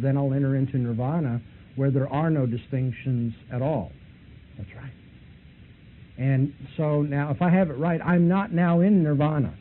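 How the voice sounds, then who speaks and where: Guy teaching apologetics, mid pitch, punchy storytelling, thin phone-ish tape sound. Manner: emphatic, argumentative storytelling. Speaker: seminary lecturer. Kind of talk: apologetics lecture with retold dialogue. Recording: tinny phone-like lo-fi recording with faint hiss.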